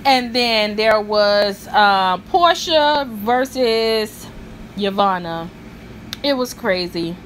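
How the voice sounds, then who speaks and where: A woman hosting her own vlog, chatting in an animated, gossipy way about a reality show. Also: mid-range voice, extremely slow, slight background noise. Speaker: vlog host. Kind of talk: casual gossip commentary.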